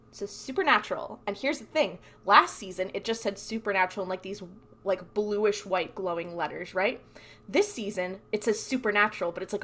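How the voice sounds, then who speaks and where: A young adult woman co-hosting a podcast, recapping episodes in animated casual chat full of "like". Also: mid-range voice. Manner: animated storytelling, fills speech with "like". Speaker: podcast co-host.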